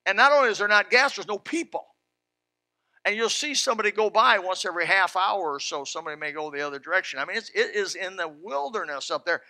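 A man preaching a sermon in a folksy, fervent way, dropping to a hush and then rising loud. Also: high-pitched, lively intonation, fast, no room sound. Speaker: pastor.

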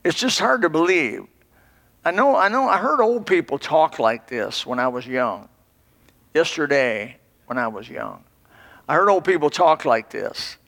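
Old guy preaching, kinda high voice, rambles n restarts, big church reverb. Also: very animated, a little slow, creaky, fairly bright tone. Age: 60s. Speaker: pastor. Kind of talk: sermon. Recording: long hall reverb.

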